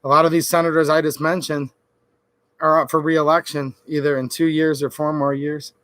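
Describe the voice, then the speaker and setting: A man's voice: on the high side, flat delivery, moderate pace, fairly bright tone, no echo. A man from Michigan ranting sarcastically on a late-night political livestream. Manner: ranting, sarcastic, mocks senators in quoted voices. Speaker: political YouTuber.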